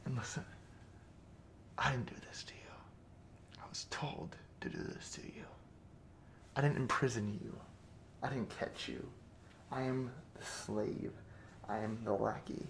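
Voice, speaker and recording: A man acting as a crude, menacing bandit captor in a 3D audio role-play, swinging between close whispers and loud taunts. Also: lowish voice, fairly even intonation, a little slow, vocal fry, reverberant, a little hiss or hum.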